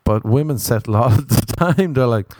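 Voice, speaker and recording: A man's voice: mid-range voice, expressive, moderate pace, darkish tone, dry recording. A young Irish man in a casual comedic rant, swearing a lot, mocking himself and acting out other people's voices. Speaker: comedic monologuist.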